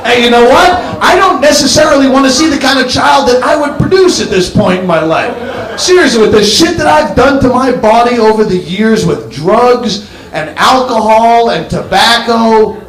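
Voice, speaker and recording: This is a male stand-up comedian delivering a sardonic, foul-mouthed rant from a comedy stage. His voice sits high for a man. The stage mic catches a noticeable room echo. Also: fairly bright tone. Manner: ranting, sardonic, swears freely.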